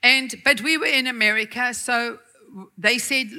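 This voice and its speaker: A woman's voice: a little high, a little slow, bright, forceful tone. A middle-aged woman preacher telling a personal story in a chatty sermon, laughing often and making fun of herself. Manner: chatty and laughing, self-mocking asides.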